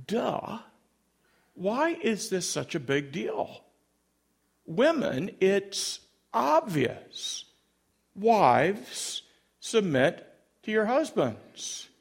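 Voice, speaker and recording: A man's voice: fairly high pitch, big pitch swings, slow pace, gravelly, full character voice. A man voicing a prim older churchwoman who lectures insistently about obedience. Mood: lecturing. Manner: preachy, insistent.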